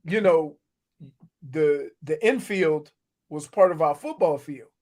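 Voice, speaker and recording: Middle-aged male sports radio co-host, light high voice, lively storyteller, casual. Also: takes it slowly. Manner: animated storytelling, laughs often. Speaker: sports radio co-host, former NFL player.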